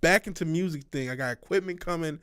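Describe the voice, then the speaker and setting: A man's voice: a little high, quick pace, a bit bright, clean tone, no echo, studio quality. Chatty, rambling male streamer. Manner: rambling, self-interrupting, restarts often. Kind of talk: casual late-night stream chat.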